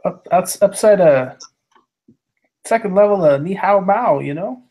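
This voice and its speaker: A man's voice: high-pitched, animated, unhurried, mellow. A man playing a tabletop game, speaking in character in a casual, hesitant way with many restarts. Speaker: player. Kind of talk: in-character tabletop role-play.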